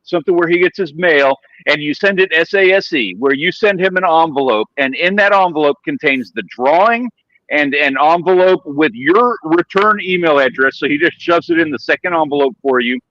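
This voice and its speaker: A man's voice: fairly high pitch, normal speed, dry recording, dull audio. A man in a casual stream chat, telling stories eagerly and swearing casually.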